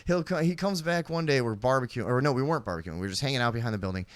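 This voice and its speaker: Animated, foul-mouthed male podcast host. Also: medium pitch, racing, dry recording. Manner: animated, swears freely, acts out voices in stories. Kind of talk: casual storytelling chat.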